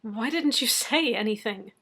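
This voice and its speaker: Woman reader plays an anxious, well-mannered man, pleading, slightly high pitch. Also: animated, unhurried, fairly bright tone, slightly rough, full character voice. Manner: polite, flustered and pleading. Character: anxious, polite male gentleman pleading. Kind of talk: audiobook reading.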